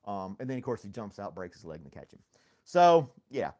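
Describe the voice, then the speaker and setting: A man's voice: fairly low pitch, very animated, brisk, darkish tone. A man hosting a casual livestream chat, rambling and joking, laughing often at himself. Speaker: host.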